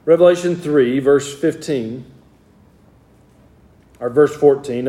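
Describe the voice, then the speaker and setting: A man's voice: a little high, normal speed, mellow, reverberant. A man preaching an evening sermon, reading scripture aloud and then explaining it in plain words. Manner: reads scripture in King James wording, then explains it plainly.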